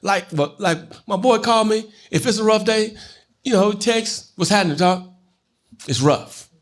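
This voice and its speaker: A man's voice: high-pitched, a little slow. A man co-hosting a live talk show, earnest and reassuring in loose casual speech. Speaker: co-host.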